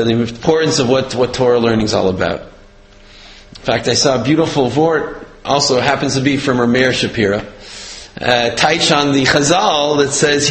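Man, religious teacher, storytelling sermon, halting, fillers, slightly high voice, echoey room. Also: a bit bright. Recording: roomy echo.

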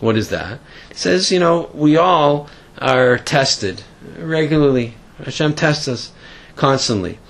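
A man telling a story and then drawing a moral lesson from it, speaking in a halting way that often repeats words. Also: fairly high pitch, lively intonation. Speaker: religious storyteller and teacher.

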